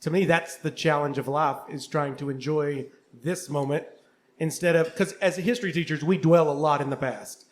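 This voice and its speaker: A middle-aged man with a fairly high voice talking candidly in a casual panel chat. He fills his speech with everyday asides. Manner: candid, conversational, uses many fillers. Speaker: co-host, history teacher and bassist. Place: coffeehouse before a live audience.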